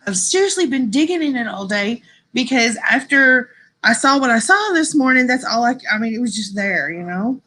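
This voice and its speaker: A woman's voice: fairly high pitch, expressive, moderate pace, bright, forceful tone. A woman hosting a casual live stream, chatting and rambling to her viewers, laughing often and saying y'all.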